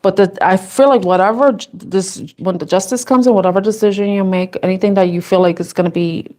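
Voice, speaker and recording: A woman's voice: mid-range voice, steady tone, fairly quick, darkish tone. A woman tarot reader chatting casually to viewers, laughing often and thinking aloud as she talks through her cards. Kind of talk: casual live tarot reading chat.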